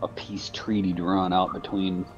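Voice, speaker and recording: A man's voice: sits low, level tone, measured pace, over music. A man playing in a tabletop game, rambling and hesitant with many fillers. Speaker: player. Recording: dull lo-fi sound.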